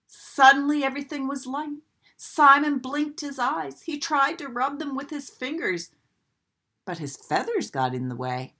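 A woman reading a children's storybook aloud in a gentle, expressive way. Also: high voice.

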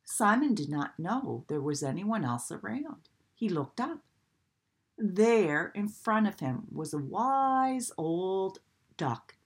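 A woman reading a children's storybook aloud in a gentle, expressive way. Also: mid-range voice, slow pace, slightly rough.

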